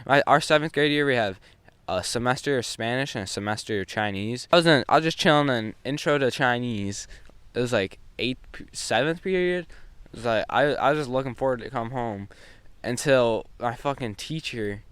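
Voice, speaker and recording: Profane rambling teenage boy, smooth dry voice. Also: medium pitch, normal speed, fairly bright tone, dry recording. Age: teens. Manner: rambling, profane, many restarts. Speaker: vlogger. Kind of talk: casual storytime.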